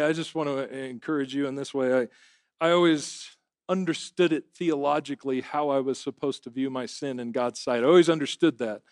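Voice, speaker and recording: A man's voice: on the high side, no room sound, clean studio sound. Conversational middle-aged male pastor preaching. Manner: conversational, self-deprecating, repeats words while thinking. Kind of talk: sermon. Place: church service.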